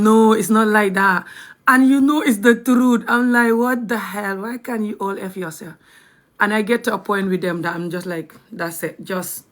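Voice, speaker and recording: A young woman with a Gambian accent chatting bluntly on a live video, laughing often and dropping to a whisper at times. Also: mid-range voice. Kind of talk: casual live-stream chat.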